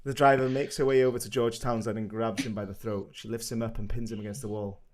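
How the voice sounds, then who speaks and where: A man reading the stage directions of a script briskly, bantering and laughing with friends on a video call. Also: on the low side, flat delivery, slight background noise. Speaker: narrator of a live script read.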